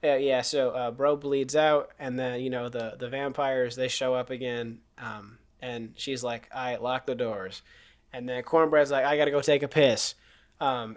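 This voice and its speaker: A man co-hosting a podcast, retelling a film's plot in casual, profane, animated chat. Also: medium pitch, clear, resonant tone. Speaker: podcast co-host. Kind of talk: casual movie recap chat.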